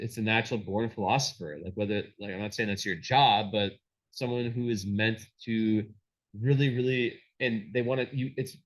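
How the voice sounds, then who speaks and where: A man's voice: lowish voice, low-quality recording. A man giving a casual astrology reading, rambling with many fillers and restarts.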